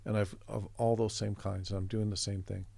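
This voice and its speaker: Man, from Canada, middle-aged, low voice, conversational storytelling. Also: little pitch movement, fairly quick, vocal fry, darkish tone, dry recording. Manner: reflective, meandering anecdotes with restarts. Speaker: interview guest, artist.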